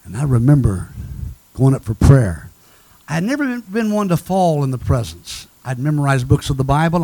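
A man preaching a sermon in church, telling a story with animated delivery and building to a call to respond. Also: medium pitch, normal speed, no room sound. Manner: storytelling, animated, rising to exhortation. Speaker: guest preacher.

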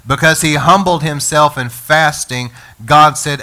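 A man preaching a sermon to his congregation, energetic and calling on the listeners to respond. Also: a little high, a little slow, hardly any pauses. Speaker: pastor.

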